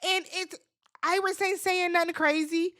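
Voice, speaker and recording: A woman hosting a casual reality TV recap, talking in an animated, dramatic way with slangy asides. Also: very high voice, measured pace.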